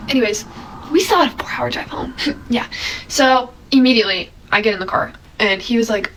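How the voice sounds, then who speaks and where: A young woman in her twenties casually retelling an awkward story, animated and chatty, acting out quoted lines. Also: on the high side, fairly quick, a little hiss or hum, rough recording.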